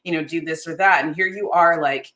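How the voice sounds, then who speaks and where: A woman with a somewhat low voice speaks over a video call. She pours out warm, effusive praise in a casual, heartfelt way. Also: fairly quick. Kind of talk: casual livestream chat.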